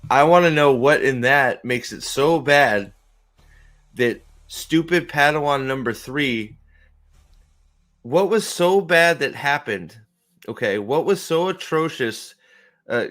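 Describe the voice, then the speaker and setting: A man's voice: medium pitch, a bit bright. A man hosting his stream, ranting casually with lots of swearing, restarts and repeated words. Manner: profane, rambling, repeats himself. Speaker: streamer host. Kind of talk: casual rant.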